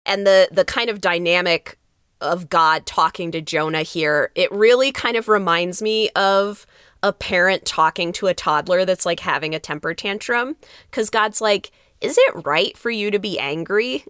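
A woman pastor co-hosting a podcast, chatting in an animated way, laughing easily and acting out quotes. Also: on the low side, moderate pace, clear, resonant tone, no room sound, clean studio sound. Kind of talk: casual chat.

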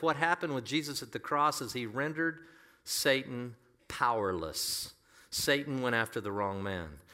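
A man preaching from the pulpit in a bright, forceful voice. He drives his points home earnestly and emphatically, sometimes repeating a phrase to press it. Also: mid-range voice. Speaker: pastor. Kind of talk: sermon.

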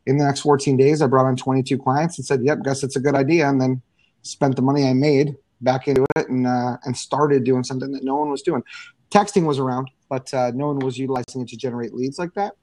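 A middle-aged man talking casually as an interview guest, telling energetic stories with frequent fillers and restarts. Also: medium pitch, quick pace, no room sound. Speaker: guest, business owner.

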